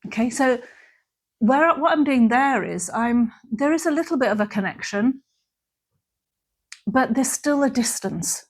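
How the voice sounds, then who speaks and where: A woman giving a gentle, unhurried reflective talk about mental health, sometimes softly acting out phrases. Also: high-pitched, animated.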